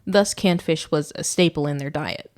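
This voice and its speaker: A woman's voice: low-pitched, normal speed, a little mellow. A woman co-hosting a podcast, reading a story aloud and breaking off for joking asides. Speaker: podcast co-host.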